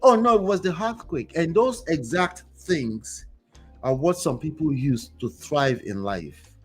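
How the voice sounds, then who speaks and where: A man hosts a motivational commentary show and preaches to his viewers with lots of energy. His voice sits high for a man. Faint music plays under his talk. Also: a little slow, slightly rough. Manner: preachy, animated, talks to the audience directly. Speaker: host.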